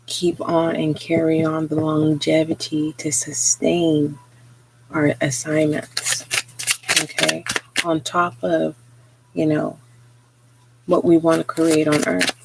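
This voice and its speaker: Slow, flat, gravelly tarot reader. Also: mid-range voice, heavy background noise. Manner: slow, hesitant, many pauses and fillers; earnest, encouraging. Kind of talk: live spiritual reading monologue.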